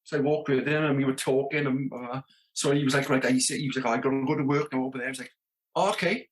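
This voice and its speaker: Speaking fast in a steady, medium-pitched voice, a South Welsh rock drummer in his thirties from around Merthyr Tydfil tells tour stories as a podcast guest. He acts out the dialogue and keeps saying "you know what I mean" in this casual storytelling.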